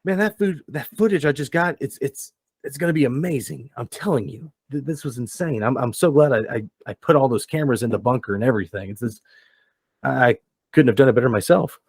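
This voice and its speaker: A man voicing an excitable young male camera guy in a cyberpunk tabletop game, rambling and tripping over his words. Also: medium pitch, fairly quick, slightly rough, no echo, studio quality, voice pushed up. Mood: excited. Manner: rambling, stammering and gushing.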